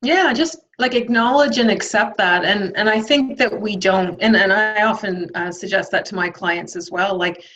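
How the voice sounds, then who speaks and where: A woman's voice: medium pitch, normal speed, few pauses, fairly bright tone, slight background noise. A woman guest in an interview, speaking reflectively about self-care, with many ums and likes. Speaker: guest, nurse. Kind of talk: conversational interview. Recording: dull lo-fi sound.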